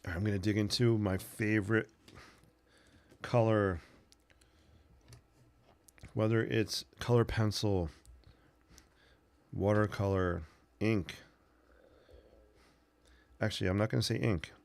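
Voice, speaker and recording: A man's voice: fairly low pitch, steady tone, takes it slowly, gravelly, pauses often, darkish tone, dry recording. A man hosting a casual sketching livestream, rambling easily while he paints and answers viewers. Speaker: art livestream host.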